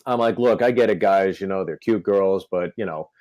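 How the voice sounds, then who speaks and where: A man's voice: low-pitched, normal speed, darkish tone, no room sound, rough recording. A male comedian telling a story on a podcast, acting out the quotes. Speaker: comedian guest.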